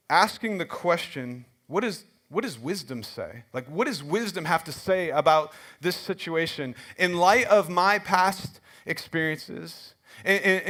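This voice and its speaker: A middle-aged man preaching a sermon in a church, telling stories in a conversational, animated way with frequent restarts. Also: on the high side. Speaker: pastor. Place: church sanctuary.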